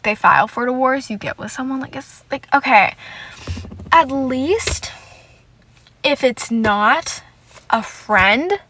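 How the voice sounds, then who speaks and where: A woman's voice: on the high side, a bit bright, slight background noise, rough recording. A woman hosting a solo podcast, ranting in a casual, rambling way, swearing often and filling her talk with "like.". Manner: rambling, profane, heavy filler "like". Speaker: podcast host.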